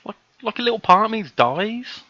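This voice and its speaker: A British man hosting a live stream, chatting casually and bantering with dry, deadpan jokes. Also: high-pitched, fairly quick, highs cut off. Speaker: streamer host. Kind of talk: casual chat.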